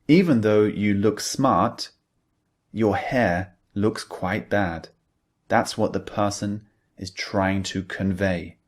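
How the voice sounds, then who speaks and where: A man teaching English grammar in a slow, clear scripted lesson. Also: lowish voice.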